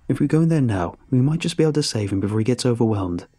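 A man's voice: medium pitch, expressive, rapid-fire, mellow, slightly rough. A man voicing a stern, loyal military captain who talks in a firm, commanding way.

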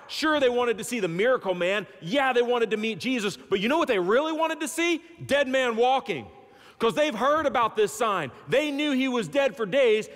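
Animated male pastor in a reverberant church. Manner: animated storytelling with big swings in pitch and loudness; folksy, humorous asides. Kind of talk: sermon. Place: church sanctuary. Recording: long church-hall reverb.

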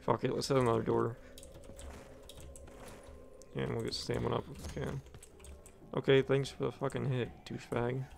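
A young man with a deeply gravelly, fry-heavy voice mutters and curses his way through a gaming session, offhand and profane. The recording from his home mic carries clear background noise and keyboard clatter. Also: little pitch movement, moderate pace, long pauses. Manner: profane, offhand, talking to himself. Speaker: gaming commentator. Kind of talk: casual gameplay commentary.

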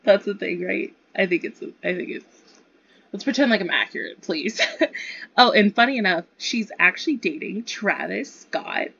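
A woman's voice: mid-range voice, lively intonation, moderate pace, gravelly, a bit bright, husky, no room sound. A young woman giving chatty, giggly commentary on her own gameplay. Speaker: gaming video creator. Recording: slightly dull lo-fi sound.

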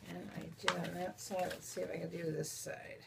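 A woman opens packages from friends for her viewers, chatting and cooing over each small present and speaking to the objects too. She talks a little fast with flat delivery in a lowish, creaky voice, and the recording is very noisy.

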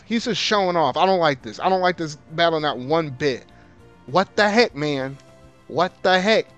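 Animated, exasperated gamer man. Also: fairly high pitch, moderate pace, smooth, no room sound, faint music behind. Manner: exasperated, swings between grumbling and loud outbursts; casual slang, repeats himself. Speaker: gaming video host. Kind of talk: let's play commentary.

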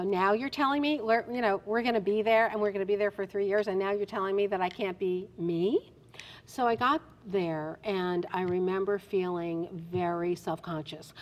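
A middle-aged woman from New Jersey, telling stories as an interview guest in an animated, emphatic way. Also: medium pitch. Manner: animated storyteller, expressive and emphatic. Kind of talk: casual interview chat.

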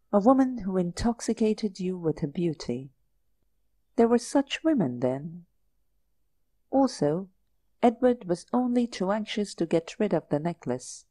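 A woman narrates a story at a slow, measured pace. Her voice is mellow and warm, recorded close on a dry microphone with no room sound. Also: mid-range voice, very animated, no echo. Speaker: audiobook narrator. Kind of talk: audiobook narration.

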